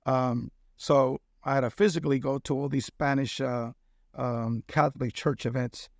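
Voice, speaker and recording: A man's voice: mid-range voice, steady tone, normal speed, no echo, clean studio sound. A middle-aged man from Cuba, a guest telling a personal story in casual conversation and often checking in with "okay?". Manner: earnest storyteller who keeps checking in with "okay?".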